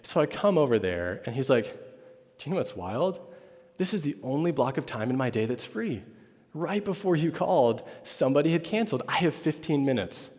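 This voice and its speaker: In a casual chapel talk, a male campus pastor recounts something that happened to him, peppering it with "right?" and performing the quoted lines of others. His mid-range voice is brisk and darkish, swinging widely in pitch, and a long reverb from the hall trails each phrase.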